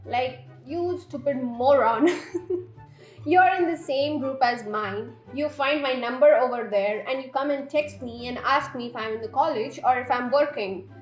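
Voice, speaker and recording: A woman's voice: high-pitched, unhurried, muffled recording. A young woman, telling a storytime while doing her makeup, exasperated and laughing as she swears and rants. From India. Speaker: beauty vlogger. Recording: echoey room with faint background music.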